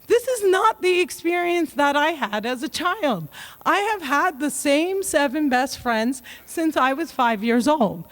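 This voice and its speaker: A woman giving a comedic keynote speech, joking and self-mocking with quick punchlines. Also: high voice. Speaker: keynote speaker.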